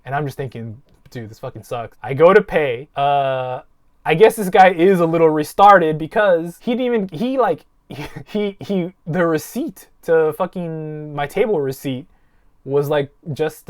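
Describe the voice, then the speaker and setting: A man hosting a podcast, telling a long story in casual, profane chat. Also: fairly high pitch. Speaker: podcast host.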